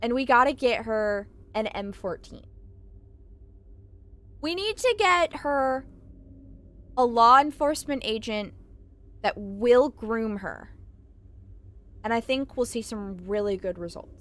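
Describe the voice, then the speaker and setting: A woman's voice: a little high, lively intonation, slow pace, pauses often, a bit bright. A woman streaming a game, chatting casually and swearing as she reacts to it, on a desk microphone at home. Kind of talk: live let's-play commentary.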